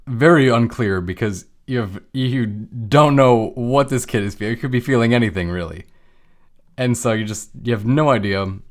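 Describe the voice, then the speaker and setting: A man giving a casual explanatory talk on emotions, walking through made-up everyday examples in a conversational way. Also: lowish voice. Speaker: lecturer on emotions.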